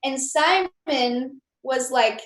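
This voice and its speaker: Young woman, interview guest, high voice, chatty storyteller, echoey room. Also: drawn-out words. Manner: chatty, animated, with many fillers.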